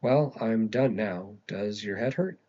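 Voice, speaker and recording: A quiet, caring young woman, as a male reader voices her, gentle but blunt, in a low husky register. The recording is dull and lo-fi. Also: slow.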